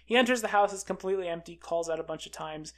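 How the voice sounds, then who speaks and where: A film reviewer recapping a movie in a casual, excitable way, full of fillers like "uh" and "like". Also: mid-range voice, fast talker. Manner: chatty and excitable, with many fillers like "uh" and "like".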